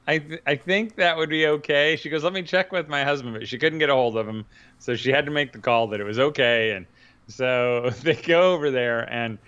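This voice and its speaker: Male podcast co-host, smooth voice, laughs through his stories, lo-fi sound. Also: mid-range voice, a bit bright. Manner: rambling storyteller, laughs often. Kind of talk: casual chat.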